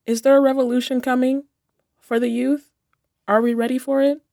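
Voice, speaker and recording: A woman hosts the discussion, delivering prepared rhetorical questions in a measured voice. The sound is dry and close. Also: high-pitched, level tone, creaky, mellow, no echo. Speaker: host. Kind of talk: reading scripted questions.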